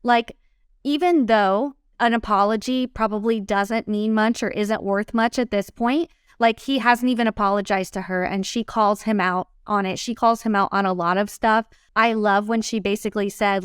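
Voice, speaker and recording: A woman's voice: mid-range voice, clear, resonant tone, no echo, clean studio sound. A woman co-hosting a casual TV recap, talking in an emphatic, conversational way. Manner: conversational, emphatic, talks with plenty of likes. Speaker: recap co-host.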